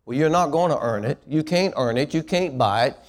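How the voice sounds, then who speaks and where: A male pastor in full sermon, his voice sitting a little high for a man. He talks to the congregation directly and has them repeat his words back to him. He climbs into loud, emphatic preaching. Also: animated, fairly quick.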